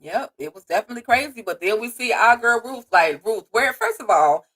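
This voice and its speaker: A woman's voice: on the high side, animated, a little fast, a bit bright, slightly rough, low-quality recording. A woman co-hosting a casual live recap chat. She talks bluntly and expressively, cussing and laughing often. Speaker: co-host.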